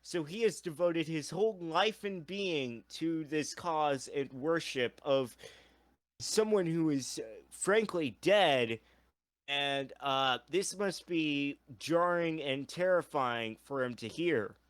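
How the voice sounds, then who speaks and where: A man co-hosting a casual chat about a roleplay story. He talks in a measured way, with slightly formal wording. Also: a little high, dry recording. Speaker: co-host.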